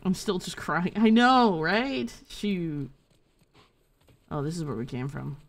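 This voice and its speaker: A woman's voice: fairly low pitch, very animated, slow. Playful swearing woman streaming a game. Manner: playful, swears freely, talks to chat. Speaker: gaming streamer. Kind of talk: casual live gameplay commentary.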